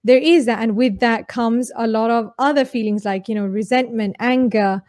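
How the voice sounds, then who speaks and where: Woman interviewer, soft hesitant questions, mellow higher voice, dry close sound. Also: steady tone, normal speed, no room sound. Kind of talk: conversational interview.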